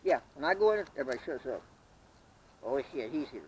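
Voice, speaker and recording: A man telling stories in casual chat outdoors, gruff and animated, acting out arguments and swearing often. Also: mid-range voice, fast talker, slight background noise, rough recording. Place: outdoors on a street.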